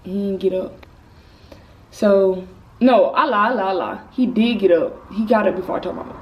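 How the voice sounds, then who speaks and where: A teenage girl vlogger tells a personal story in a casual, rambling, candid storytime style. Her mid-range voice moves at a moderate pace, and the lo-fi recording sounds slightly distant with faint noise.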